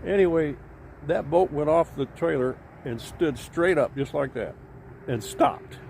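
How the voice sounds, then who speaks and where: A widower vlogger with a higher-pitched, slightly mellow voice and vocal fry speaks at a measured pace to his camera outdoors by a creek's boat launch. He rambles through a long, folksy story packed with fillers as traffic and outdoor noise sound behind him.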